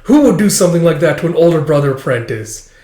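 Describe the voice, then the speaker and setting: A man doing an excited gossipy young apprentice. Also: fairly high pitch, quick pace, pitched above the performer's own voice, lightly acted. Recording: echoey room.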